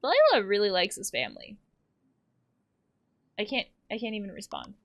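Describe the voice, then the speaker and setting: A woman's voice: mid-range voice, huge pitch swings, moderate pace. A woman therapist playing a video game, casually reading text messages aloud with playful, laughing asides. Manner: playful, laughs and swears between read-out lines.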